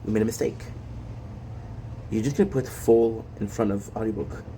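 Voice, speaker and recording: A man's voice: lowish voice, moderate pace, mellow. Guy rambling to his stream chat, lots of ums and tangents, a little hiss behind him. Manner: rambling, self-interrupting, many fillers and asides to chat.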